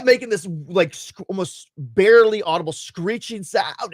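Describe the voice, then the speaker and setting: A man co-hosting a casual live radio chat, telling a personal story in an animated way and acting out the parts. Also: high voice, normal speed, no room sound, studio quality. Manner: animated storytelling, acts out his own screams and quotes. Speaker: radio show co-host.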